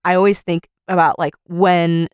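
A young woman co-hosting a casual book podcast, lively, acting out characters in quick put-on voices and laughing often. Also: fairly low pitch, clear, resonant tone, no room sound, studio quality. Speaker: podcast co-host. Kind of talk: casual book-club chat.

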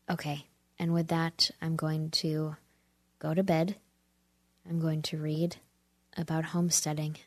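A woman's voice: low voice, no echo. A woman hosting a podcast, ranting heatedly in a casual monologue and sometimes dropping into whispers. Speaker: podcast host.

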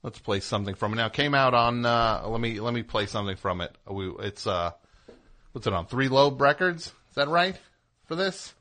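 An animated man with a mid-range voice hosts radio at a moderate pace, his tone pushed and bright. His comedic talk meanders, full of chatter, with plugs for music dropped between jokes.

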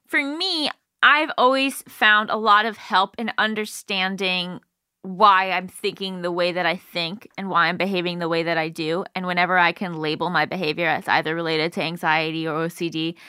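A woman's voice: on the low side, pushed and bright, clear, resonant tone, no room sound, studio quality. A woman in her thirties co-hosting a variety show, chatting playfully and giving earnest advice. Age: 30s. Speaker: co-host. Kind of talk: casual podcast banter.

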